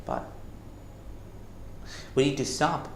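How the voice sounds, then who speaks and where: A man giving a lesson on communication skills, who slows down to stress his words and keeps asking the listener rhetorical questions. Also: slight background noise. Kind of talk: classroom-style lecture. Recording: echoey room.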